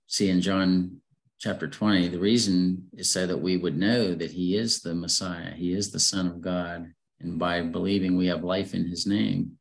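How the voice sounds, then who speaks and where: Low-voiced man leading a Bible study. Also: rough recording. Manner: thinking aloud with restarts and repeated words. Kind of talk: casual group Bible study.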